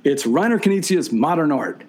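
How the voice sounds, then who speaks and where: A man hosting a live-streamed game show over a video call, reading out viewer questions in a brisk, playful way. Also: on the high side, lively intonation, crowd noise. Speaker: show host.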